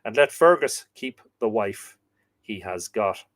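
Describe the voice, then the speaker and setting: A man's voice: on the low side, animated, unhurried, fairly bright tone. An Irish man voicing a group of grumbling male chieftains from an old Ulster legend.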